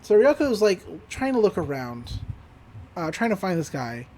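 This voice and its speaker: A man with a high voice talks through an anime episode on a podcast. His retelling rambles, full of fillers and little laughs. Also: very animated, normal speed, darkish tone, a little hiss or hum. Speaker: podcast co-host. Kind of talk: casual anime episode recap.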